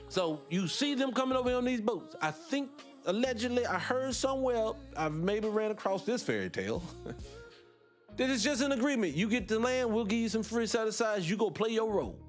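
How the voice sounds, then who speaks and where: A male morning-show host delivers a heated livestream monologue in a high voice. He drifts off on tangents, laughs to himself, then snaps back with question after question for his listeners. Faint music plays in the background. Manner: impassioned, fires rhetorical questions at listeners; digresses, laughs between points.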